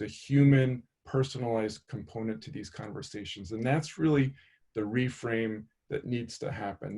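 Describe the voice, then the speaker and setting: A man's voice: mid-range voice, darkish tone. Male psychologist guest; earnest, list-building webinar talk. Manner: earnest, builds points in lists.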